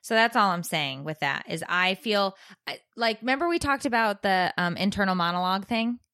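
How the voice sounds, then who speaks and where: Animated bright-voiced woman telling stories. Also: mid-range voice, a little fast, clear, resonant tone, no room sound, clean studio sound. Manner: animated storyteller, acts out voices. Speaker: podcast co-host. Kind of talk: casual chat.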